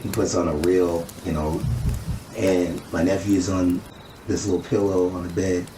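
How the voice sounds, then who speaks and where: A man telling a casual personal story, animated and acting out quoted dialogue. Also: low voice, unhurried. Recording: echoey room, distant mic, noisy.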